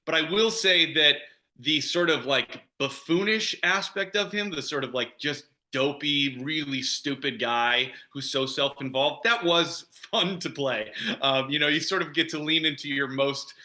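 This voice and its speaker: Bright, chatty man on a video call. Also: a little high, a little slow. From Chicago. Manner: chatty, laughs often, fillers like "you know". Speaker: actor guest. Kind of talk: casual interview over video call.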